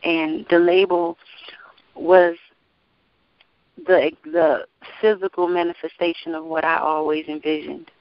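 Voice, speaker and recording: A lively woman singer speaks in an interview with lots of energy, laughing as she talks. The sound is a bit muffled and dull. The room gives almost no echo. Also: lowish voice, a little slow, long pauses, clean tone. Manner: animated, testifying, laughs often. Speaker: gospel singer and label owner. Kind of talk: casual interview talk.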